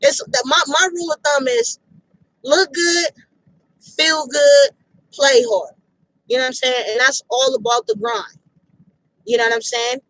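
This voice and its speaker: A woman's voice: sits high, fairly even intonation, measured pace, long pauses, a bit bright, dry recording, rough recording. A woman giving a casual, emphatic fitness pep talk outdoors, repeating her points bluntly with slangy phrasing. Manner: emphatic, repetitive, direct, street slang. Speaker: fitness motivator.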